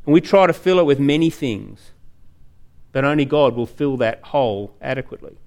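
A man's voice: medium pitch, animated, moderate pace, a little mellow. A male preacher, giving an earnest sermon full of vivid storytelling.

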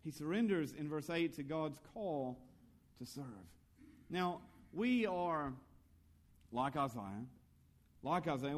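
A man preaching a sermon as pastor, earnest and lively, asking the listeners questions and telling stories from his own youth. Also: on the high side, takes it slowly, pauses often.

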